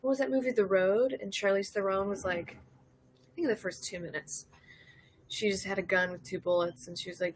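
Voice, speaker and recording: A woman from Louisiana hosting a casual comedic monologue, rambling and cursing and laughing her way through dark topics. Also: medium pitch, brisk, noisy background. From Louisiana, USA. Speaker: host.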